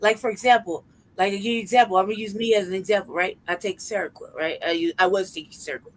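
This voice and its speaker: A woman's voice: medium pitch, quick pace, slight background noise, low-quality recording. A young woman co-hosting a podcast, telling stories in casual chat with lots of swearing and laughter. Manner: profane, animated storytelling with frequent laughter. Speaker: podcast co-host.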